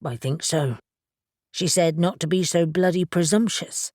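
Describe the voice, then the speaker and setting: A woman's voice: on the low side, a little slow, a little mellow, no room sound. A woman narrator voicing a blunt young man who speaks in a dry, plainspoken way. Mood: irritated. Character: blunt, irreverent young man, protective and sweary.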